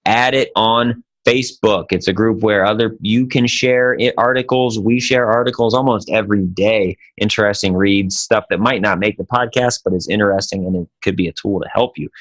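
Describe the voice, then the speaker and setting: A man hosting a podcast with his buddy, his voice sitting low. He talks casually and tells a joke in a loose, laid-back way. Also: moderate pace, few pauses, a bit bright. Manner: joking, laid-back storyteller. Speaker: podcast co-host.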